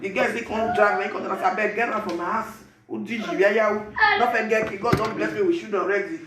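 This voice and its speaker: A man speaking Nigerian Pidgin English, giving animated, preachy advice to his viewers in a casual vlog. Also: high-pitched, fast, echoey room, crowd noise. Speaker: vlogger.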